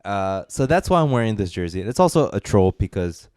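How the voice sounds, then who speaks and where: A man co-hosting a casual podcast, telling a story in a laid-back way and quoting others in low asides. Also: sing-song, a little fast, a little mellow, clear, resonant tone, no room sound, studio quality. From United States. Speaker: podcast co-host. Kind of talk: casual chat.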